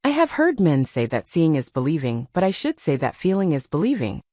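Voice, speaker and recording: A woman reads an audiobook in a measured storytelling manner. Her voice is slightly low and moves a lot in pitch. The sound is dry and close. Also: sing-song, dark tone, no echo. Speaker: audiobook narrator. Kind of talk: scripted narration.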